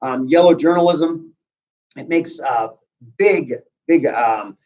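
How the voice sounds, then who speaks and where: A man with a slightly high voice lectures his students on history. He keeps it casual and conversational, tossing in asides. The recording sounds dull and lo-fi. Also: takes it slowly, darkish tone. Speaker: history teacher. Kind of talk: classroom lecture.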